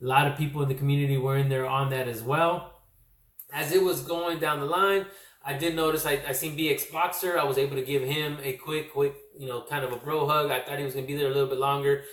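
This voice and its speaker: A man from California telling a casual vlog recap, rambling and correcting himself, his voice slightly worn from yelling. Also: medium pitch, fairly even intonation, fast talker. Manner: rambling, self-correcting storyteller. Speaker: comic book vlogger. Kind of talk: casual recap talk to camera. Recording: echoey room.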